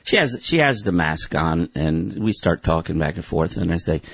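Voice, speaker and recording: Male co-host, deep and husky, folksy storyteller, dry close sound. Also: lively intonation, moderate pace, few pauses, no echo. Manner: folksy anecdote telling, stammers. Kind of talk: casual storytelling.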